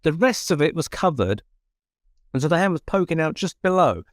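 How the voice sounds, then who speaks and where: A man, a paranormal researcher, telling an animated anecdote in casual conversation, with many restarts. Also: a little high, brisk, no room sound, clean studio sound. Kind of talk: conversational storytelling.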